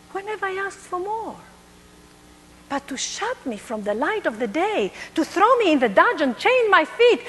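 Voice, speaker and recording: A woman's voice: very high voice, pushed and bright, full character voice. A woman with a Greek accent performing a defiant young peasant saint in an impassioned, solemn stage monologue, recorded in a performing arts center. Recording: echoey large hall.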